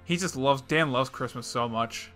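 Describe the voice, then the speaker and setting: A young man co-hosting a podcast, making edgy jokes with sarcastic, deadpan asides in casual chat. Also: medium pitch, moderate pace, soft background music. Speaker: podcast co-host.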